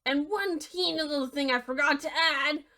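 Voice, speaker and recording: A woman's voice: high voice, normal speed, pushed and bright. Sarcastic young woman narrating a fairy tale. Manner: sarcastic, playful, mock-cheerful. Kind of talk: comedic storytelling over a game video.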